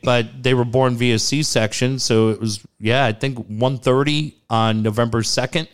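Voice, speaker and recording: A man's voice: normal speed, few pauses, clean tone. A man telling a personal story in a casual chat, acting out what people said with big jumps in his voice. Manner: animated, acts out quotes with big pitch jumps.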